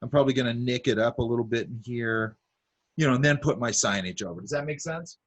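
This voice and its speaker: A man's voice: mid-range voice, fast, muffled recording. A man teaching a drawing class, talking casually as he sketches, with lots of fillers and asides. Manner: talks while drawing, many fillers and asides. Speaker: art instructor.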